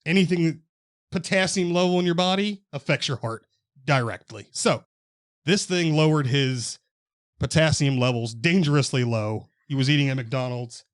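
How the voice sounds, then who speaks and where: A man's voice: fairly high pitch, moderate pace, no echo. A young man with a slightly raised voice co-hosts a loose, profane podcast chat, cracking jokes as he explains a medical news item. The sound is close and dry. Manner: loose, joking, swears freely, explains medical detail. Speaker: podcast co-host.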